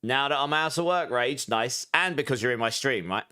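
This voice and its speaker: This Essex-accented man from southeast England, in his thirties, chats casually with his viewers while streaming a game. His mid-range voice is animated, sharp, and clean as he reads their messages aloud and throws in quick asides.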